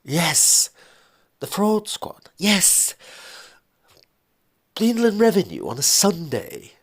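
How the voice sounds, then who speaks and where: A man with a deep voice voicing a panicking businessman ex-husband, putting on a gaspy, raspy, strained voice that sounds frantic and breathless in a spoken story. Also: huge pitch swings, takes it slowly, full character voice. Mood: panicked.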